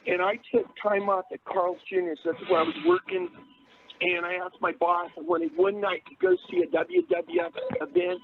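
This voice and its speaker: A man with a very high, lively voice tells rambling stories on a call-in radio panel. His voice is gravelly and comes through a thin phone line. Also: background noise. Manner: rambling storyteller, bursts into loud impressions. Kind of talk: casual radio chat.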